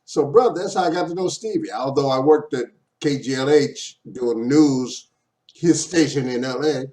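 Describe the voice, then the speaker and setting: A man's voice: mid-range voice, moderate pace, dark tone. Enthusiastic male interview host. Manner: enthusiastic, eager interjections, trades his own anecdotes. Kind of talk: casual interview.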